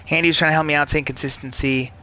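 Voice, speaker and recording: A man streaming a racing game live, talking in a rambling, profane and excitable way. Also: on the high side, racing, slight background noise, low-quality recording. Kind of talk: live gameplay commentary.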